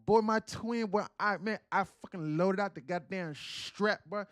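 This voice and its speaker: A man voicing a loud, boastful young man with a Southern US accent who talks in street slang, drawling and brash. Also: sits high, measured pace, smooth, no echo, clean studio sound, voice pushed up. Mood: brash boasting.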